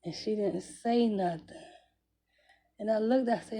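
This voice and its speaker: A woman speaks in a warm, mellow voice at an ordinary pitch for a woman. She tells a personal story in an easygoing, conversational way. She swears freely and chuckles between phrases. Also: slow pace, long pauses. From Jacksonville, Florida, US. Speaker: vlogger.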